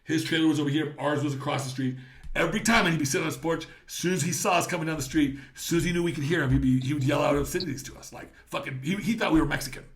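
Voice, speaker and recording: A middle-aged male podcast host with a gravelly, somewhat high voice. He tells stories in a loose, profane, animated way, in casual chat. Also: racing.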